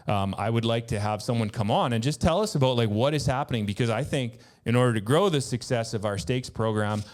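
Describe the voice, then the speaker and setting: A man's voice: mid-range voice, darkish tone. A man hosting a podcast in casual chat, talking in an upbeat, rambling way with many fillers. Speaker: podcast host.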